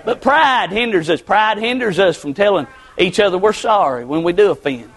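Middle-aged preacher man, unusually high-pitched, impassioned, hushed-to-shouting delivery. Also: animated, normal speed. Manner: impassioned, swings between shouting and hushed pleading. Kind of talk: sermon.

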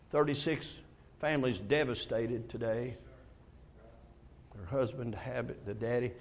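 An older man preaching a folksy, conversational sermon, telling personal stories and acting out talks with God. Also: mid-range voice. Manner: storytelling, acts out dialogues with God, emotional confessions.

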